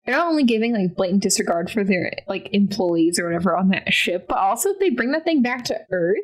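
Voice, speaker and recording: A woman's voice: medium pitch, sing-song. Woman chiming in on a podcast. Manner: quick reactive interjections and laughs. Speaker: podcast co-host. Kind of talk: casual movie review chat.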